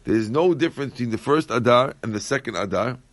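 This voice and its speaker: A man teaching a Talmud class in a dry, close recording. He reads each Aramaic line and then explains it in plain English, and he often repeats phrases as he works through the text. His pitch sits in an ordinary middle range. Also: lively intonation, quick pace, no room sound.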